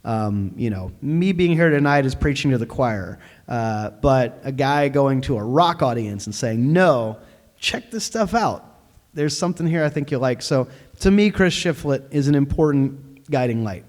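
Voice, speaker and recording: A man's voice: mid-range voice, animated, moderate pace, darkish tone. A man speaking casually and conversationally at a library panel discussion. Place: library event hall.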